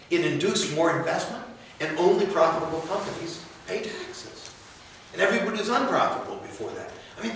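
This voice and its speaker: A man delivers a rambling, folksy campaign speech at a university, pitched a little high for a man. The sound is very echoey and picked up from a distance, with faint room hiss underneath. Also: a bit bright. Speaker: political candidate. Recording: echoey room, mic far off.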